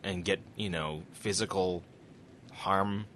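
A man's voice: low-pitched, fairly even intonation, slow pace, noisy background. A man in casual chat, wry and joking, swearing freely.

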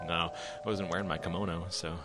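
A man's voice: low-pitched, fairly quick, music in the background. A man co-hosting a casual podcast, telling a story with lots of swearing and acted-out quotes. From Canada. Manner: animated storyteller, swears freely, acts out quotes. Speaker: podcast co-host. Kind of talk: casual chat.

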